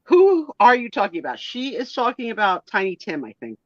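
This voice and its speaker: Lively chatty woman host, lo-fi sound. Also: fairly high pitch, brisk, dry recording. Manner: chatty and playful, with frequent fillers. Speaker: host of a live photo sale and chat. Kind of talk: casual chat. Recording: dull lo-fi online stream audio.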